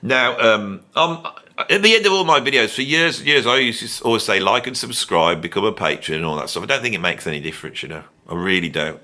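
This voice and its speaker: In a rambling closing monologue for his music channel, a middle-aged British commentator pokes fun at himself and cheekily appeals to viewers. His British English delivery is medium-pitched, animated, quick and sharp-toned.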